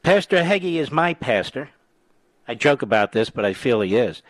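A man hosting a talk radio show, taking calls and delivering forceful, combative opinions. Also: medium pitch, sing-song, normal speed, no echo.

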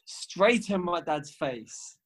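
A young man talks casually on a podcast, telling stories full of slang and swearing. His voice sits on the higher side for a man. He keeps the tale moving as a relaxed co-host. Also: slow pace. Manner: animated anecdote-telling, slangy and profane. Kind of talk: casual chat, storytelling.

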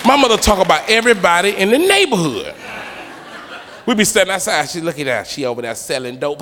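A man doing a stand-up comedy routine, telling slangy, animated stories and acting out the characters. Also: high voice, a little fast. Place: comedy stage before a live audience. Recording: live club hall with crowd noise. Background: audience laughter.

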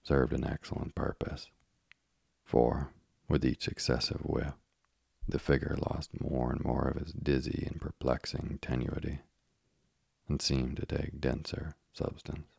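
A man narrating a classic tale as an audiobook, with measured, deliberate phrasing. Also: very deep voice, flat delivery, vocal fry, darkish tone, husky, no echo, studio quality.

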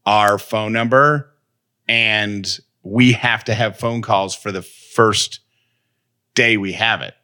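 A man's voice: fairly low pitch, steady tone, takes it slowly, bright, forceful tone. A man co-hosting a podcast in casual chat, rambling and interrupting himself. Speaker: podcast co-host.

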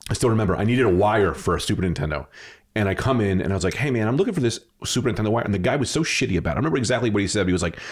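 A man's voice: on the low side, racing. A man in casual podcast chat, telling a story with lots of swearing and acted-out quotes. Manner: animated, swearing, acts out quotes.

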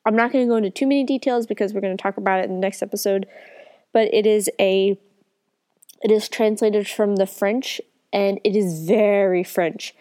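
A woman's voice: medium pitch, steady tone, normal speed, mellow. Woman with a cold, podcast co-host, casual, rambling. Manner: rambling, self-correcting. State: has a cold. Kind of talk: casual book review chat.

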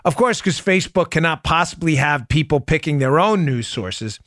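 A man's voice: on the high side, animated, normal speed, a bit bright, no room sound, clean studio sound. A man hosting a political commentary podcast, talking emphatically and combatively, often calling his listeners folks. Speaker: podcast host.

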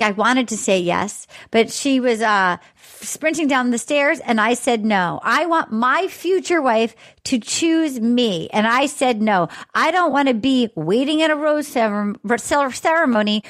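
A woman hosting a casual podcast recap, animated and acting out quotes in exaggerated voices. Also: a little high, a little slow. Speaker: podcast host.

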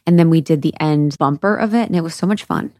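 A young woman with a slightly nasal, low-pitched voice, chatting as a podcast co-host. She is bubbly and laughs easily, recorded close and dry with no room sound. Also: fast talker, a little mellow, dry recording. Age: young adult. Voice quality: nasal from allergies. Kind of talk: casual chat.

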